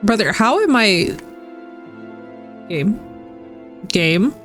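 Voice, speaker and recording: A woman's voice: mid-range voice, sing-song, drawn-out words, a bit bright, faint music behind. A woman streamer chatting casually with her viewers while playing a game, laughing and swearing as she goes. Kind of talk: casual live-stream chat over gameplay.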